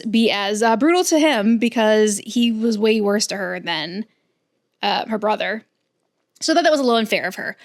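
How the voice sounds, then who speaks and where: Young female book vlogger, fairly high voice, rambling casual chat with many fillers.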